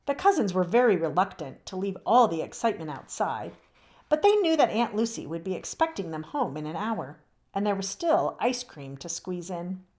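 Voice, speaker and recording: Woman reading a kids book aloud, bouncy lively voice, cozy storytime feel. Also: lowish voice, normal speed. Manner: warm, expressive storytelling. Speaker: read-aloud host. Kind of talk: children's book read-aloud.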